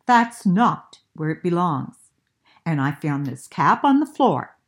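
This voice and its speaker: A woman reading aloud, voicing an annoyed father turtle in a storybook with a lowered, stern voice. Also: big pitch swings, slow.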